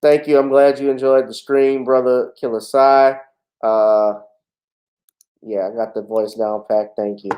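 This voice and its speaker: A man's voice: mid-range voice, fairly even intonation, unhurried, mellow, poor audio. A man hosting a casual livestream talk show, chatting in a laid-back way with frequent fillers.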